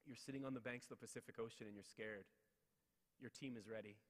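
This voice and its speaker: A middle-aged man giving a humorous motivational talk at an awards ceremony, telling a family story with animated, self-deprecating asides to the crowd. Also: medium pitch, fast talker. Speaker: guest speaker at an awards ceremony. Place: large hall. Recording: long hall reverb.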